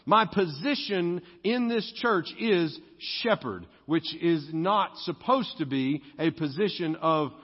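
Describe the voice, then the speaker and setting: A young man with a drawl preaches a sermon in conversational style, stretching out the words he wants to land. His voice sits high and a little husky. The recording is dull, with a long church-hall reverb. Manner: conversational preaching, slows and stresses key words. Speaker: pastor. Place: church sanctuary.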